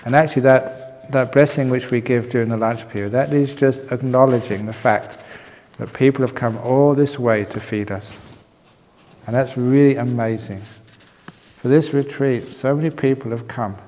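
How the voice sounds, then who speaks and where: A man's voice: mid-range voice, steady tone, normal speed, a little mellow, big-room sound. A man teaching at a meditation retreat, answering questions in a humorous, playful way and laughing often. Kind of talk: dharma talk answering questions. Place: retreat hall with long reverb.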